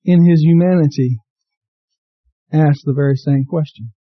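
Male pastor, high voice, impassioned sermon delivery, muffled dry recording. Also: a little slow, no echo. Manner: impassioned preaching, rising to cries; reads scripture aloud to the congregation.

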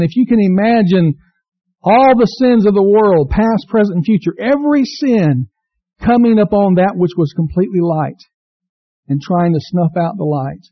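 Male pastor, high voice, impassioned sermon delivery, muffled dry recording. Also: no echo. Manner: impassioned preaching, rising to cries; reads scripture aloud to the congregation.

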